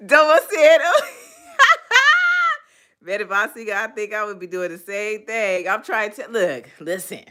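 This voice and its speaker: A woman hosting a casual livestream, reading chat comments aloud and laughing loudly between remarks. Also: medium pitch, a little slow. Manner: loud laughing, playful, animated. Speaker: livestream host.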